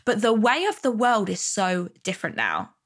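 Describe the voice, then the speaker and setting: A woman's voice: mid-range voice, huge pitch swings, moderate pace, fairly bright tone. A woman hosting a podcast, talking casually about money stress with lots of fillers. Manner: chatty, lots of fillers like "you know" and "like". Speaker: podcast host. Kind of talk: casual self-help podcast monologue.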